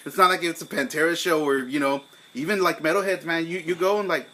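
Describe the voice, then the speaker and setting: A young man, co-hosting a casual podcast over beers, telling a profane story and acting out his own angry shouting. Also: fairly high pitch, fairly even intonation, quick pace, low-quality recording. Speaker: podcast co-host.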